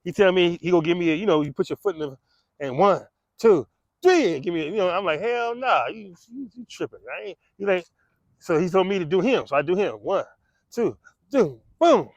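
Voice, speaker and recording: A man's voice: high voice, fairly quick, darkish tone, dry recording, muffled recording. A man telling a true story in casual street style, slangy and profane, acting out gunshots and the voices of others.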